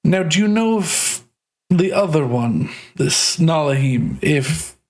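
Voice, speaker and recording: A woman's voice: low voice, expressive, takes it slowly, a little mellow. A man voicing an inquisitive noblewoman who asks pointed, clipped questions in a tabletop game. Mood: probing. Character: inquisitive noblewoman, shrewd and probing.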